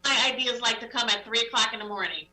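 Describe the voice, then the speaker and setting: Bright-voiced woman, echoey and off-mic. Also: a little high, quick pace, far from the mic. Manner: chatty storytelling with many fillers. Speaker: police officer guest. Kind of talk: casual radio interview. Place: radio studio.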